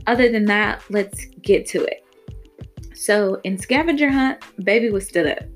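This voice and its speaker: A woman hosts her podcast and narrates an erotic first-person story, candid and casual and swearing freely. Her voice sits at a middling pitch. Soft guitar music plays faintly behind her. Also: unhurried.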